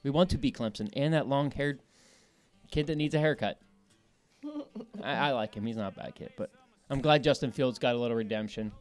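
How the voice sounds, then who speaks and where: A man's voice: mid-range voice, brisk, long pauses, soft background music. A man co-hosting a fishing podcast in casual chat, joking, rowdy and swearing freely. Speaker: podcast co-host.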